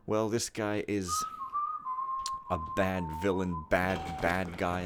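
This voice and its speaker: A man's voice: low-pitched, flat delivery, slow, background noise. A man casually commenting while he plays a game, joking and sarcastic in a rambling way. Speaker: let's play host.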